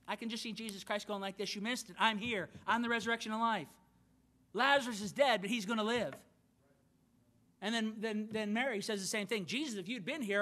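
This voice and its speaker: Pastor guy preaching, really high voice, keeps restarting sentences. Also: a bit bright. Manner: earnest preaching with frequent repeated words and restarts. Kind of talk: sermon. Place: church auditorium.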